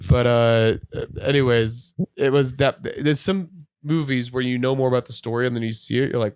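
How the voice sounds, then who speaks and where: A male podcast host talking in a loose, rambling way, leaning on "like" as he goes. He slips into quoted voices as he retells things. His mid-pitched voice sits in a dry, close-miked sound with no room echo. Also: steady tone, moderate pace, clean tone. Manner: rambling, heavy use of "like". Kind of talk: casual podcast chat.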